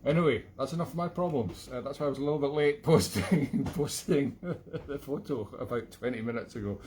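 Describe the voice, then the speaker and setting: A Scottish man, an accordion player hosting a live online gig from his flat, chatting between tunes in a rambling, self-mocking, jokey way. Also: mid-range voice, brisk, slight background noise. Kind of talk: casual chat between tunes.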